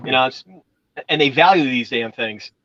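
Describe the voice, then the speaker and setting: A man's voice: medium pitch, moderate pace, bright, forceful tone, no room sound, muffled recording. A man from Massachusetts chatting casually, rambling through stories and swearing now and then. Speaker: channel host. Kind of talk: casual chat.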